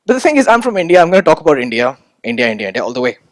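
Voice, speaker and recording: A man's voice: a little high, very animated, very fast, no echo, voice pushed down. A young man putting on an awkward, rambling young man who hesitates and trails off. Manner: hesitant, full of ums and trailing off.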